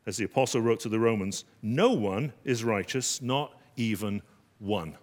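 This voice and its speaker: A man pastor preaching a sermon, dramatic, rising high on quoted lines. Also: animated, normal speed, in a large hall.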